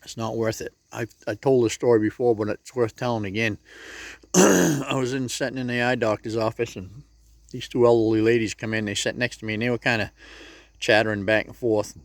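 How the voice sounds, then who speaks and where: A man's voice: mid-range voice, brisk, vocal fry. This is a man delivering a casual motivational monologue in plain, folksy words. His voice sits in a middling register. The sound is dry and close, with no room echo. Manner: plain-spoken and folksy, talks straight to the viewer. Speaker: motivational vlogger.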